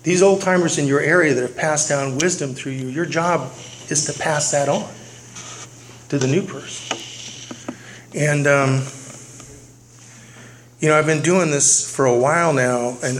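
A man's voice: on the high side, fairly even intonation, moderate pace, pauses often. A middle-aged man speaking at a recovery meeting, telling his story earnestly and repeating key phrases for weight. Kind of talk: personal recovery testimony. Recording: noisy recording with clicks.

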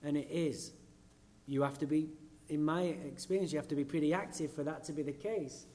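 A man's voice: on the high side, steady tone, brisk, mellow. A man from England with an English accent, giving a blunt, profane and self-mocking personal talk at a recovery meeting.

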